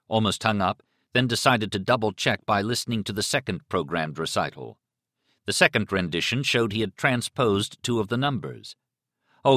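A man narrating a novel as an audiobook in an expressive, dramatic reading style. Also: lowish voice, no room sound, clean studio sound. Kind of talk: scripted narration.

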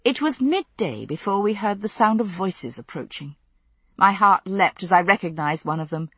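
A woman reading a novel aloud as narrator, in a steady, measured storytelling manner. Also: medium pitch, breathy edge, no echo. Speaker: audiobook narrator. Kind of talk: scripted narration.

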